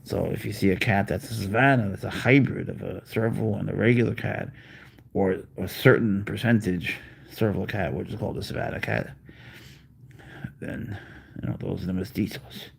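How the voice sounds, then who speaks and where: Guy rambling on his live stream, answering chat, low husky voice. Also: steady tone, moderate pace. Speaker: pet owner hosting a live stream.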